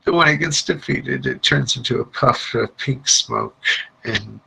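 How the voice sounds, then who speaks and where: A man's voice: medium pitch, unhurried, creaky, sharp tone, breathy edge, low-quality recording. A man narrating a tabletop game as game master, casual and chuckling often.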